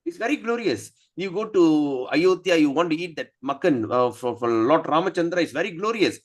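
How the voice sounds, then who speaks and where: A male scripture teacher whose voice swoops up and down as he explains. He sits a little above the usual male pitch and tells stories with playful animation. The delivery is a relaxed study-class talk. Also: brisk.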